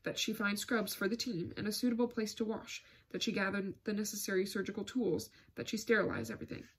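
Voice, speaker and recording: Brief: woman audiobook narrator, husky, steady literary reading. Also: medium pitch, fast. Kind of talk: scripted narration.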